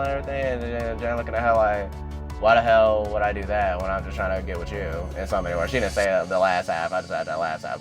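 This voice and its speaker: A chatty young man, recapping a TV episode in a loose, casual way. He jumps up in pitch whenever he plays out what the characters say. Faint music sits underneath. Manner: chatty, animated, acts out characters' lines with raised pitch. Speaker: YouTube recap host.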